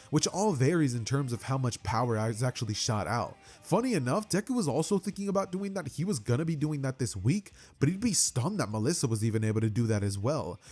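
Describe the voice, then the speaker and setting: Young guy telling a fan story, super animated voice, rambles w slang. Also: medium pitch, slightly rough. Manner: lively, rambling, casual slang. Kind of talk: casual fan-fiction story narration.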